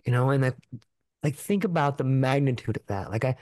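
Man in his own words, cursing, looping back on himself, medium pitch, dry mic. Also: expressive, fairly quick, darkish tone, dry recording. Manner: earnest, profane, repetitive, full of fillers. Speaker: podcast guest. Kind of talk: emotional personal storytelling.

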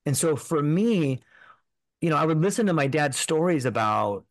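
A man's voice: fairly high pitch, very animated, normal speed, dry recording. A man telling a personal story as a podcast guest, in an earnest, rambling way full of filler words.

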